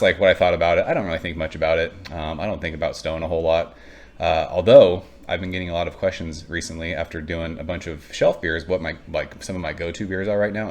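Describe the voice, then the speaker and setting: A man with a very low voice reviews a beer in an easygoing, chatty way. He rambles with plenty of ums and uhs, speaks bluntly, and drops the odd swear word. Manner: rambling, blunt and profane, with frequent fillers. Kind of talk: casual chat.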